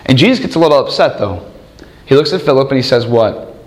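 A man preaching a sermon in an animated way, acting out the people he quotes. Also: mid-range voice, quick pace, a little hiss or hum. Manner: animated, acts out quoted voices.

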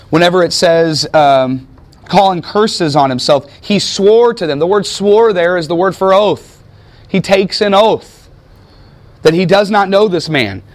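An American man teaches a sermon in a loose, conversational style, with a voice sitting a little higher than most men's. He asks his listeners questions as he goes and sometimes hunts aloud for the right word. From United States. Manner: searches for words aloud. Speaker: pastor.

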